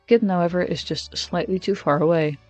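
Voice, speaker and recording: A man's voice: high voice, a little fast, darkish tone, soft background music. A man streaming, reading a text game aloud in first person with casual, wry asides. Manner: casual, wry asides between narrated lines.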